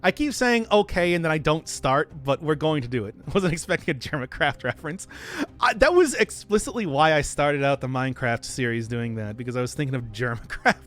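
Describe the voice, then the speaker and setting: A man's voice: fairly high pitch, animated, a little fast, fairly bright tone. A man streaming a video game, chatting casually with his viewers, rambling and laughing a lot. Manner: rambling, giggly, talks to chat. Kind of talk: casual gaming livestream chat.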